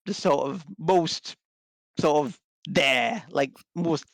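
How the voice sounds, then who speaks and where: A man's voice: fairly high pitch, slow pace, creaky, fairly bright tone, no room sound. A man running a tabletop game as game master, narrating with many fillers and restarts.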